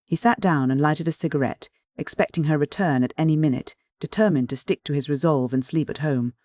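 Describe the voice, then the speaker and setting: Steady male audiobook narrator, dry sound. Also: fairly high pitch, brisk, no room sound. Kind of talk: scripted literary narration.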